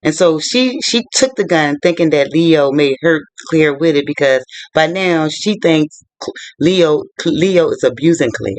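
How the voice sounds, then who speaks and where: A man casually reviewing a book, retelling its plot in an animated, colloquial way. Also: fairly high pitch, unhurried, dry recording.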